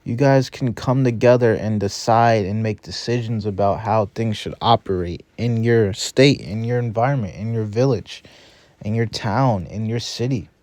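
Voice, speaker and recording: A man's voice: fairly low pitch, moderate pace, a little mellow, no echo. A man hosting a reaction video, giving casual, earnest commentary that builds into a rant.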